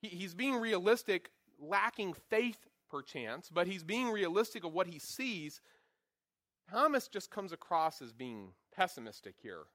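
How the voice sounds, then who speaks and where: A man teaching a Bible class in a lively, joking way, acting out quotes and poking fun at himself. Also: high voice, unhurried, dry recording. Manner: animated, acts out quotes with voices; jokey, self-deprecating asides.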